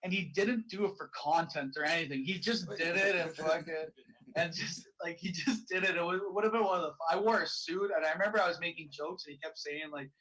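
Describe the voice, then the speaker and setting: Man, casual podcast chat, rambling, fillers, tense bright voice. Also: on the high side, a little fast, rough recording. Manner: rambling, many fillers and restarts. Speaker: podcast co-host.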